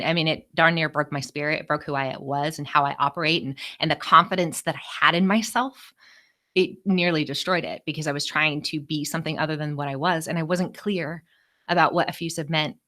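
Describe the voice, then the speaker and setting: An expressive woman speaker telling a story to a room of listeners. Her voice sits low but has a bright, forceful edge. She talks with lively, animated energy. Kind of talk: storytelling talk to a live group.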